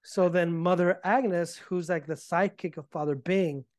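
A man being interviewed, telling his story in a casual, animated way and acting out the arguments he reports. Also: high voice, moderate pace, dry recording, studio quality. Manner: animated, acts out quoted arguments. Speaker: podcast guest.

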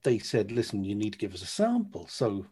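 A man's voice: fairly low pitch, very animated, a little fast, dark tone, slightly rough. A man in his thirties telling a candid, sweary story as a podcast guest. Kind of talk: casual storytelling.

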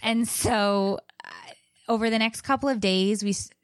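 Frank, animated woman, dry sound. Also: a little high, normal speed, no echo. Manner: frank, animated, many restarts. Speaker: podcast guest, blogger and author. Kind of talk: candid personal storytelling.

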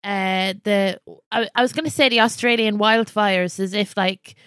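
A woman, co-hosting a podcast on a video call, playful and quick to laugh. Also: mid-range voice, steady tone, fairly bright tone, clear, resonant tone, no room sound, studio quality. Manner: giggly, playful, quick asides. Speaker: podcast co-host. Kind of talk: casual chat.

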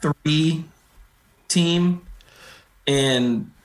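A man's voice: fairly high pitch, very slow. Male co-host, jokey sports chat, roomy echo on the voice. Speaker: podcast co-host.

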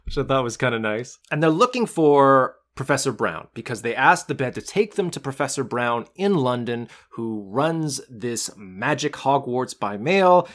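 A man co-hosting a podcast, casually recapping a film in an animated way and acting out lines from it. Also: medium pitch, normal speed, few pauses. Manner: animated recapping, acts out quotes. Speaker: podcast co-host.

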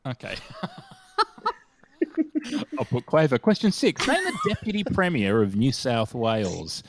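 A man hosting a comedy quiz, chatty and halting, quick to laugh. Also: medium pitch, very animated, noisy background. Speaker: quiz host.

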